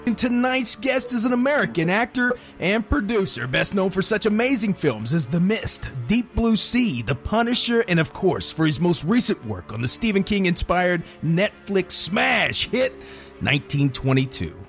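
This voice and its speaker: A man's voice: high voice, very animated, normal speed, gravelly, a bit bright, faint music behind. A man hosting a podcast interview, hyped and showman-like, with casual slang. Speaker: podcast host.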